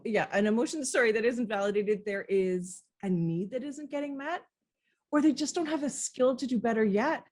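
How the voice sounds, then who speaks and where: A woman's voice: on the high side, a little mellow. A woman parenting coach speaking earnestly and with animation in an interview, often acting out how she talks to children. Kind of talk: interview conversation.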